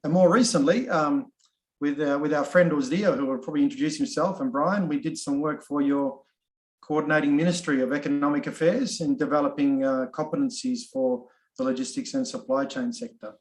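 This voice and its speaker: A middle-aged Australian man talks easily and chattily, sprinkling ums as he goes. His voice sits a little higher than most men's. The video-call sound is roomy and echoey. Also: a little fast. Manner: chatty, frequent ums and restarts, easygoing. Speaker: course facilitator. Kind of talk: casual self-introduction in an online session.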